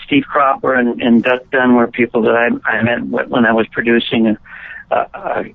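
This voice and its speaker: A man's voice: mid-range voice, flat delivery, normal speed, gravelly, no echo. A man from Chicago, an actor and musician, telling rambling anecdotes in a casual interview, often restarting his sentences. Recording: tinny phone line.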